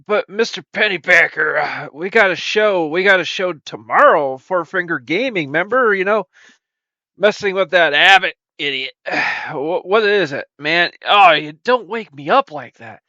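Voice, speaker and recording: A man's voice: high voice, animated, measured pace, sharp tone, dry recording, exaggerated voice. A man voicing a grouchy, rude adult male sidekick who grumbles at being woken, on a dull lo-fi recording. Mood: grumpy.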